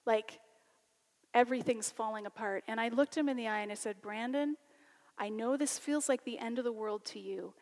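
A woman teacher telling a personal story in a sermon, animated and conversational. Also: fairly high pitch, normal speed, big-room sound. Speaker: college teacher and speaker.

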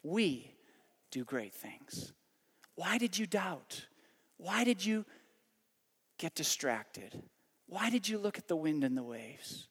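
A hushed, gentle Jesus, quietly asking why a follower doubted, as a preacher acts him out. The voice sits high, and each soft question rings on in a long hall echo. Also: male voice, very animated, takes it slowly, pauses often, husky, heavily acted. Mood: gentle rebuke. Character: Jesus, calm gentle rebuking teacher, man.

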